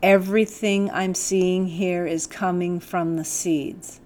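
Calm woman reading an audiobook. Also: on the low side, takes it slowly. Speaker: audiobook narrator. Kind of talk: audiobook reading of a first-person novel.

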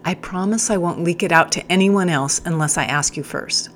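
A woman voicing a wry male prisoner who talks in a slow, teasing drawl in an audiobook story. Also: lowish voice, a bit bright, slight background noise, natural voice. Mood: sly, teasing. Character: wry older male prisoner, sly and joking.

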